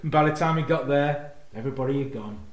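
A man's voice: mid-range voice, fast, roomy sound. A man co-hosting a podcast, casually retelling a sitcom episode and chuckling as he goes. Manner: chuckling storyteller, laughs through his own retellings. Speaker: podcast co-host.

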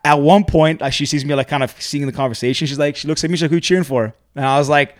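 A man from Canada chatting casually on a podcast, telling a long story in an animated way. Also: on the high side, rapid-fire, dry recording, studio quality. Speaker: podcast host.

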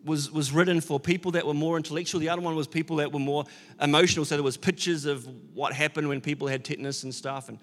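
A man's voice: a little high, steady tone, fast. Earnest male preacher in a reverberant hall. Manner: earnest, rising to emphatic declarations. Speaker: pastor. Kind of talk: sermon.

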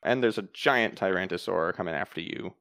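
Running a tabletop game as game master, a man explains the rules and narrates calmly and matter-of-factly. His low voice moves fairly quickly, with no room sound.

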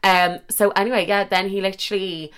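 A woman's voice: mid-range voice, little pitch movement, fairly quick, a bit bright, smooth. A young woman casually telling a rambling, crude story as a podcast host, full of swearing and fillers.

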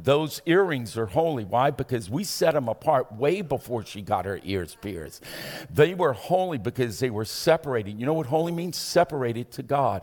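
A man preaching a sermon as pastor, building to shouted emphasis and asking the congregation to respond. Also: medium pitch, long reverb tail.

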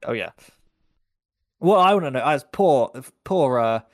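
At a measured pace, a mid-range male voice comes through clean studio sound without echo. He co-hosts a horror podcast and chats casually about films, animated and rambling, often performing scenes.

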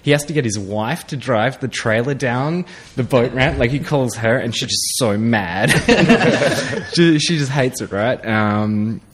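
A man's voice: medium pitch, unhurried, few pauses, slightly rough. A man telling a long fishing story in casual chat, laid-back and laughing through it. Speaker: guest angler.

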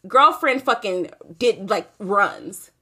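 A woman's voice: medium pitch, lively intonation, slow, pushed and bright, slightly rough. A young woman telling a night-out story in casual chat, swearing freely and acting out quotes.

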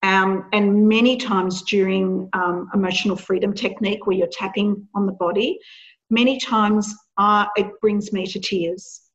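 A woman who is a podcast guest, chatting casually and telling stories in an animated way, often laughing. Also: mid-range voice, a little slow. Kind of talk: casual chat. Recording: dull lo-fi sound.

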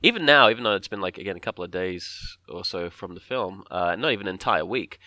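A man's voice: low voice, animated, quick pace, sharp tone, no echo, clean studio sound. A man co-hosting a podcast, rambling in casual chat and restarting his sentences often. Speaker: podcast co-host.

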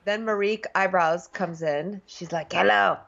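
A woman co-hosting a casual chat that recaps a TV show, with deadpan, dry humor. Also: on the low side, normal speed. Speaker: podcast co-host. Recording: dull lo-fi sound.

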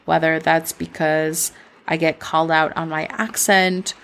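A woman's voice: low voice, level tone, a little slow, fairly bright tone, clean tone. A young woman with a Midwestern American accent, hosting a solo podcast and talking candidly in a rambling, reflective way, full of "like" fillers. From born in Colombia, raised in Minnesota. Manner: candid, rambling, frequent "like" fillers, laughs at herself. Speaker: podcast host.

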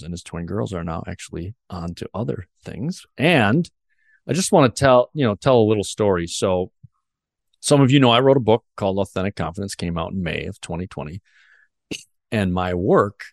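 A man with a lowish voice hosts a podcast, speaking earnestly and warmly about his guest. He often restarts his sentences. The sound is close and dry, with no room echo. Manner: earnest, emotional storytelling with frequent restarts. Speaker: podcast host. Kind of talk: podcast interview.

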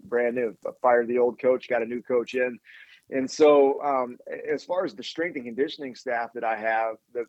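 A man's voice: medium pitch, dry recording, highs cut off. A man being interviewed as a podcast guest, talking energetically in long run-on lists with frequent restarts. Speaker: assistant athletics director, guest.

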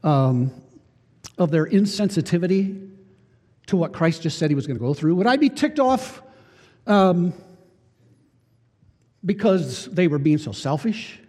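A man with a notably high voice preaches a sermon, hammering on key phrases and firing rhetorical questions at his listeners. His words ring out with a long reverb, as if in a large hall. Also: lively intonation, measured pace, pauses often, mellow. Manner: emphatic, repeats key phrases and asks the congregation rhetorical questions. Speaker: pastor.

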